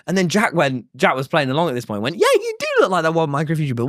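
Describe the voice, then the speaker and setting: A young British man co-hosting a podcast, telling stories with animated quoted voices. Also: on the high side, racing, hardly any pauses, no echo, clean studio sound. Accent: British English. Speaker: podcast co-host. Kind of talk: casual podcast chat.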